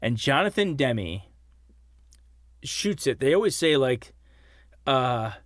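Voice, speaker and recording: A man's voice: mid-range voice, slow, no room sound, studio quality. A man in his forties, a podcast co-host, eagerly retelling film scenes in casual chat. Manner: animated storyteller, retells scenes with excitement.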